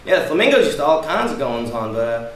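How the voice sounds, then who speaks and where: An actor playing a brash, mocking working-class husband who taunts and bullies, in an amateur stage play. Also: male voice, on the high side, sing-song, fast talker, a little hiss or hum. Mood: sneering. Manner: sneering, taunting, forceful. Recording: echoey room, distant mic.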